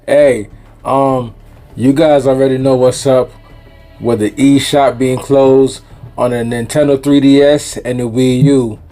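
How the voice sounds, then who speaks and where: A man's voice: mid-range voice, fairly even intonation, dark tone, soft background music. Laid-back Jamaican man vlogging games. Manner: laid-back, slangy, drawn-out delivery. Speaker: gaming YouTuber. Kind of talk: casual vlog chat.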